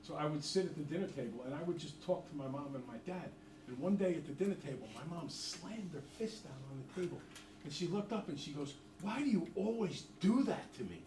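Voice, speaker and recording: A man's voice: fairly high pitch, quick pace, background noise. A man teaching a math class, telling a chatty story to his students between worked examples. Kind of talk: classroom lecture with stories. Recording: echoey classroom from far off.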